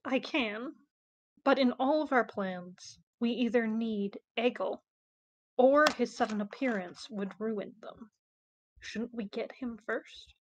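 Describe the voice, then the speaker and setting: A blunt, impatient shapeshifting warrior, played by a woman in her own fairly high voice during a tabletop role-playing game. The warrior pushes bluntly for practical action. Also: slow pace, darkish tone, highs cut off.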